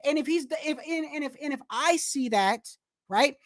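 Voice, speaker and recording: A woman's voice: high-pitched, animated, normal speed, no room sound, clean studio sound. A woman hosting a live boxing commentary stream, ranting bluntly with frequent swearing and restarts.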